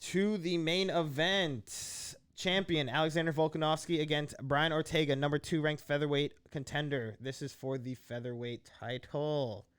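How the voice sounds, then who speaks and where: A man's voice: fairly high pitch, fairly even intonation, moderate pace, few pauses, fairly bright tone, clean tone, no room sound, clean studio sound. A man co-hosting a casual sports chat, reading odds and viewer comments. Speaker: podcast co-host.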